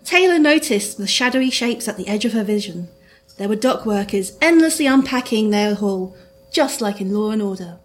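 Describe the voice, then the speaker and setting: A woman's voice: mid-range voice, animated, moderate pace. A woman reading her own comic detective story aloud to a live audience, with a dry delivery.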